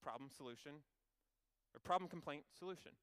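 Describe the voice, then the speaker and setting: Bright, clear-voiced man preaching. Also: on the high side, fairly quick. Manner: animated, conversational storytelling with wry asides. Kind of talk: sermon.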